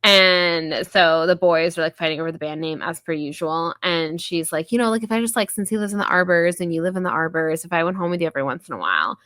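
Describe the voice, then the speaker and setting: Podcast lady retelling a book, lots of likes and ums, bright voice, dry close mic. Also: low-pitched, no room sound. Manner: chatty, many fillers, quick voiced quotes. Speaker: podcast host. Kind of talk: casual book review chat.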